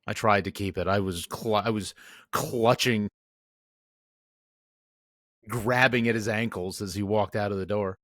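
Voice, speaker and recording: A man's voice: fairly low pitch, fairly even intonation, a little fast, hardly any pauses, fairly bright tone, dry recording, clean studio sound. Rambling male sports podcast host. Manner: rambling, self-mocking, mimics players in jokey voices. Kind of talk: casual sports chat.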